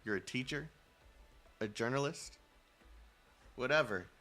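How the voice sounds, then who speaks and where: A man's voice: mid-range voice, expressive, measured pace, sharp tone, soft background music. A man voicing a brash, taunting male mercenary guard from a video game story, bossing prisoners around. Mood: sneering. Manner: taunting, bossy.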